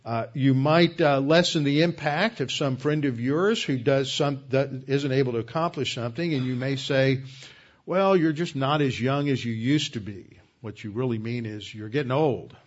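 Male Bible teacher, medium voice, explanatory and deliberate, slightly muffled recording. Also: mid-range voice. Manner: explanatory, deliberate, with frequent ums and restarts.

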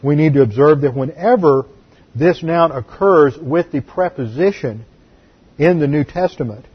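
Deliberate pastor teaching grammar. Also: male voice, a little high, slightly rough, dull audio. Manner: explanatory, deliberate, repeats key words. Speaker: pastor teaching a Bible class. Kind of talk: sermon-style Bible teaching.

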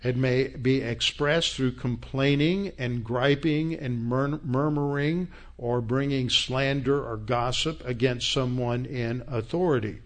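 A man preaching a teaching sermon, explaining word meanings in an unhurried way with frequent fillers and restarts. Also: medium pitch. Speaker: pastor.

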